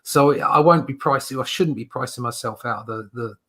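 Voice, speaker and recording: British man, casual chat host, rambling, lots of ums, bright voice. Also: medium pitch, fairly quick, husky. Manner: rambling, lots of fillers and restarts.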